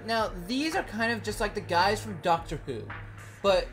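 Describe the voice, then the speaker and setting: A video creator records a laid-back commentary vlog, her medium-pitched voice animated and moderately paced. She's blunt and jokey, swearing casually and rambling with plenty of "likes," while background music plays.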